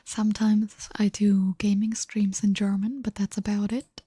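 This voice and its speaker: Tired woman whispering in a breathy hush. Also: mid-range voice, level tone, measured pace, dry recording. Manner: drowsy, chatty, switching between two languages. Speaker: ASMR streamer. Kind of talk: whispered ASMR livestream chat.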